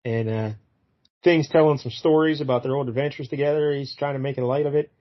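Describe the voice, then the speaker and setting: A man recaps a comic book story for a podcast in a loose, meandering way, stopping often on "uh" between beats. His pitch sits in an ordinary middle range. The audio is slightly muffled. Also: fairly even intonation, quick pace. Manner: rambling, fills gaps with "uh", acts out quotes loosely. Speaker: podcast co-host. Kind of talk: casual chat retelling a comic book.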